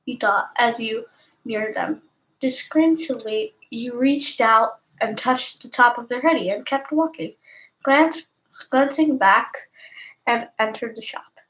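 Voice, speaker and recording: Woman for soft ASMR narration, slow, half-whispered read, slightly high voice. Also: rough recording. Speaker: ASMR storyteller.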